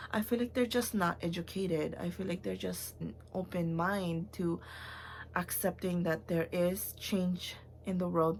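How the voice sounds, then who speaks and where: Gravelly, slow-talking young woman. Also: fairly low pitch, darkish tone, slight background noise. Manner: rambling and heartfelt, many fillers and restarts; emotional, at times close to tears. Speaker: vlogger. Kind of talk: personal confessional vlog.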